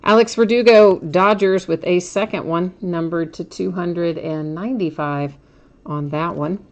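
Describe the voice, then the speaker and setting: A woman's voice: fairly low pitch, a little slow. A woman hosting a card break, chatting casually as she names each card she pulls and laughs at her own slips.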